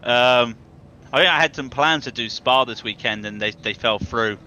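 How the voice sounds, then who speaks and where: A man's voice: medium pitch, normal speed, pushed and bright, muffled recording, slight background noise. A man commentating a sim race broadcast in a chatty, jokey way, laughing easily.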